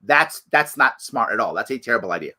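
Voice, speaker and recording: Emphatic bright-voiced male political host. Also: mid-range voice, a little fast. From New York. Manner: animated, emphatic, rhetorical questions. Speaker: host of a political talk show. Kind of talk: live political commentary.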